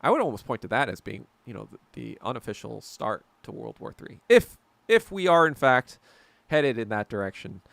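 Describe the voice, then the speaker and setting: A man in his thirties hosts a loose fireside-style podcast chat, wandering from one tangent to the next. His mid-pitched voice has a gravelly edge, and he restarts sentences often, swearing freely. The sound is close and dry, with little room around it. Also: big pitch swings, moderate pace, a bit bright, no echo. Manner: rambling, profane, self-interrupting with tangents. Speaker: podcast host reading chat. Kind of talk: casual livestream chat.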